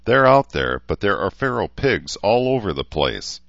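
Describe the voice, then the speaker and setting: A man voicing Rachel, a blunt, sarcastic young woman who talks in a mocking, brisk way. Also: on the low side, very animated, gravelly, a bit bright, dry recording, muffled recording, voice pushed up, full character voice. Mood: sardonic.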